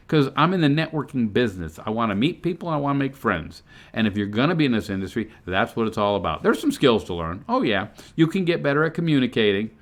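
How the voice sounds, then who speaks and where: A middle-aged man giving an earnest, excitable motivational talk to camera about his online business, his voice jumping up when he gets fired up. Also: medium pitch.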